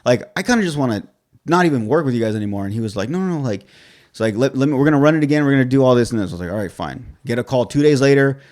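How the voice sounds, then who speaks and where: With an expressive, darkish mid-range voice, he races through a maddening story while co-hosting a podcast. He swears constantly and plays out the dialogue from both sides in a casual, exasperated way.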